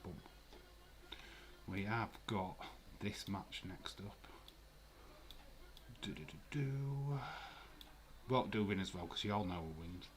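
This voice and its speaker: Chatty man, low voice. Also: lively intonation, slow, pauses often. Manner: chatty, swears freely, laughs while reading out viewer comments. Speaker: live-stream host. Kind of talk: casual live watch-along commentary.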